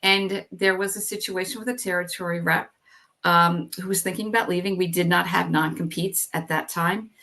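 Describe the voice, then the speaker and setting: A woman's voice: fairly low pitch, fairly even intonation, moderate pace, sharp tone. A middle-aged woman telling her own story as an interview guest. She talks candidly, says "like" and "you know" often, and acts out her past thoughts.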